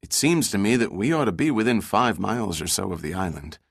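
A man reading an audiobook, voicing a cautious male ship's navigator who speaks in a low, hesitant tone. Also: very animated, fairly quick, vocal fry, breathy edge, no echo, clean studio sound, heavily acted. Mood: doubtful.

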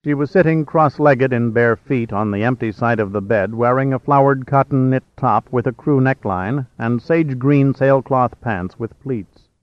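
A man narrating a novel as an audiobook reader in a steady, measured way. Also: mid-range voice, dry recording. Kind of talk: scripted narration. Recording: slightly dull, dry.

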